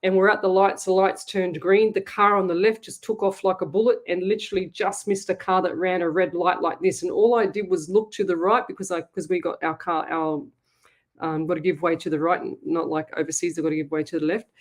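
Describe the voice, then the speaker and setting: An Australian woman hosts a live psychic call-in show. She talks in a chatty, animated way and slips easily into personal stories. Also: lowish voice, fairly quick. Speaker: psychic medium host.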